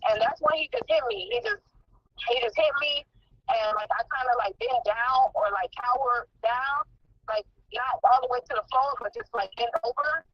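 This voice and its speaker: A woman recounting being attacked, halting with many fillers, in a played clip. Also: high-pitched, expressive, dry recording. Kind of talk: personal account in a played clip. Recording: dull, dry clip.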